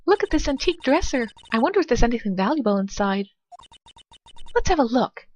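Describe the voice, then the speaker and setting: A woman's voice: fairly high pitch, very animated, a little fast, soft background music. A woman voicing a cheerful, teasing teenage girl who is a spirit medium, in a fan dub of a video game.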